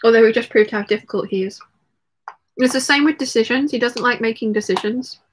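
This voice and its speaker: A chatty woman hosts a relaxed livestream from home and reads out messages from her viewers. Her voice sits a little high, and she laughs easily. She keeps talking between bites of food. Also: brisk, a little hiss or hum. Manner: chatty, laughs often, talks while eating. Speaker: livestream host reading chat. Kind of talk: casual chat.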